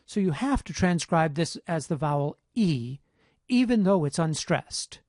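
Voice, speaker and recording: A man teaching phonetics in a measured, precise lecture voice-over, explaining each point carefully. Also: on the high side, lively intonation, darkish tone, no echo, studio quality. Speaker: phonetics instructor. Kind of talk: scripted lecture narration.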